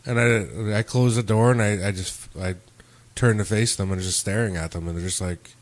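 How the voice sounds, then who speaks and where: A man's voice: on the low side, moderate pace. A man hosting a podcast, chatting casually and telling stories full of swearing and acted-out quotes. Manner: profane, animated storytelling with acted quotes. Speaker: podcast host.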